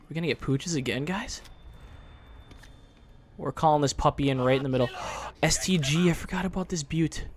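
Excitable trash-talking man. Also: a little high, normal speed, long pauses, slight background noise. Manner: excitable trash-talk with sudden frustrated outbursts. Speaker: gaming channel host. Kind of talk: live gameplay commentary.

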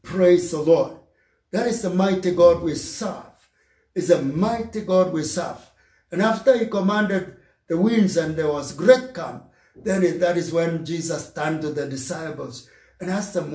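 Male pastor with a high voice, slow, repetitive sermon delivery, echoey church hall. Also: darkish tone. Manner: slow, emphatic preaching with repeated phrases.

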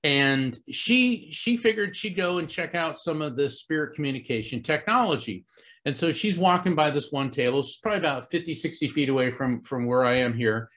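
A man's voice: a little high, animated, fairly quick, fairly bright tone. A middle-aged man from Central Florida telling a personal story to a live audience as a psychic medium, earnest and conversational, with many fillers and restarts. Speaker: psychic medium giving a talk.

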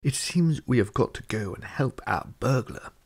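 A man's voice: medium pitch, expressive, normal speed, breathy edge. A man voicing a stern, commanding male dwarf leader in a storybook reading, brusque and giving orders.

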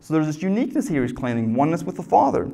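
A man's voice: on the high side, big pitch swings, racing, vocal fry, warm tone. A man preaching a sermon as pastor, teaching in a conversational, emphatic way with rhetorical questions.

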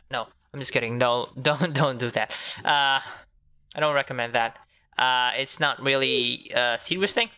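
A man's voice: medium pitch, normal speed, pushed and bright, clear, resonant tone. A young man giving casual, joking gameplay commentary and reading text messages aloud. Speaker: gamer.

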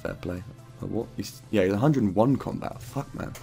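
With faint music behind him, a man speaks at normal speed in a fairly low, mellow voice marked by vocal fry. He is a gaming YouTuber giving loose, rambling casual commentary on his own footage, full of swearing and fillers.

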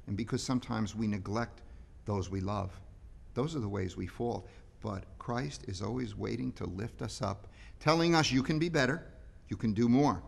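A man's voice: lowish voice, vocal fry. A man speaking as a priest, giving an earnest daily reflection and reading scripture, sometimes repeating words as he presses a point.

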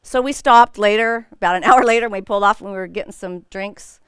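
A woman's voice: medium pitch, fast, clean tone, no room sound, clean studio sound. A middle-aged woman teaching a women's Bible study, telling a personal story in a chatty way and laughing often.

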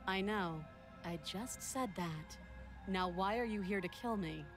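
An actress playing a chained, guarded young princess in a game, cool, unhurried and faintly haughty. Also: female voice, mid-range voice, faint music behind, close to an everyday voice. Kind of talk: scripted game dialogue.

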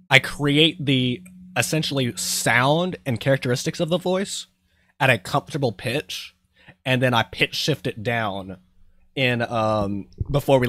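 A young man in a dry, close recording with no room sound, chatting casually on a podcast. His voice sits at a middling pitch. He rambles, trails off, and laughs at himself. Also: a bit bright, dry recording. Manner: rambling, self-deprecating, trails off and restarts. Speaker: podcast host and voice actor.

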